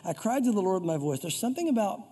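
A man's voice: high voice, sing-song, racing, mellow, breathy edge. A man preaching a conversational sermon as pastor. He often acts out scripture and prayers in quoted voices, in a chatty, informal way. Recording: long hall reverb.

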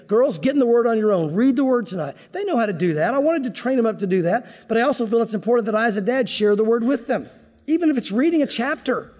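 A man's voice: extremely high pitch, darkish tone, in a large hall. A middle-aged male pastor giving an expository sermon in an earnest, conversational teaching manner.

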